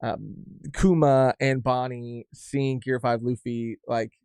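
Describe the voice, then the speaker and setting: A man's voice: medium pitch, flat delivery, slow pace, darkish tone, clear, resonant tone, no echo, studio quality. A man co-hosting a podcast, chatting casually and animatedly about a manga chapter, swearing freely and often restarting his sentences. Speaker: podcast co-host. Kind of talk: casual chat reviewing manga.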